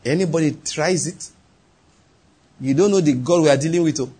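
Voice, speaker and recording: A man delivers a sermon in a high, husky voice. He is animated, acts out the voices in the quotes he tells, and swings between loud bursts and hushed asides. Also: racing. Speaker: preacher.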